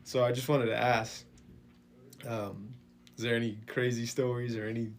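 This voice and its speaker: A man hosting a church testimony podcast, asking questions in a relaxed, halting way with many fillers. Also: medium pitch. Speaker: podcast host. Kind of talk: interview.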